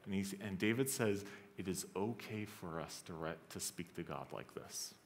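A man preaching a sermon as pastor, speaking earnestly and conversationally. He acts out scripture lines with rising intensity and drops to a soft, low voice on somber passages. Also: moderate pace, slight background noise.

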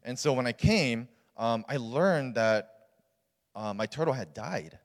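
A man's voice: mid-range voice, expressive, a little slow. A young man, a youth pastor, telling a personal story in a sermon in a casual, earnest way with many fillers. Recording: long reverb of a large hall.

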